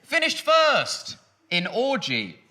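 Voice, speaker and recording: Animated comedian on a hall stage. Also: male voice, extremely high pitch, slow pace, background noise. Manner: animated, sarcastic, punchy delivery with shouted bits. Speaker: stand-up comedian. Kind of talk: stand-up comedy set. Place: large music hall stage before a live audience. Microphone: stage microphone.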